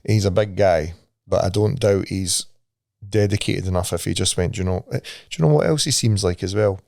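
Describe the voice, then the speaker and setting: A man's voice: low voice, fairly quick, gravelly, a little mellow, no echo, studio quality. A Scottish man co-hosting a podcast in casual chat, swearing freely and laughing at his own stories. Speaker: podcast co-host.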